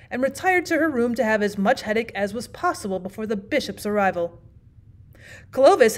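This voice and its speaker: A woman teacher reads a classic short story aloud in a steady, expressive way. Her voice sits fairly high, and she often starts sentences with a small "well". It sounds like a classroom audiobook. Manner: steady, expressive reading with frequent "well" fillers. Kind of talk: audiobook narration.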